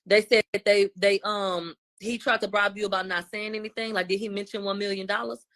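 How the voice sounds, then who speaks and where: A woman recapping court testimony in a casual, animated way, using loose slangy speech. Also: mid-range voice, fairly quick.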